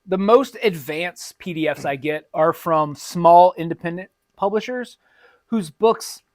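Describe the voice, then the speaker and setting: A man's voice: high-pitched, unhurried, no room sound. A man co-hosting a podcast as a comic shop retailer, chatting casually with wry, dryly sarcastic asides.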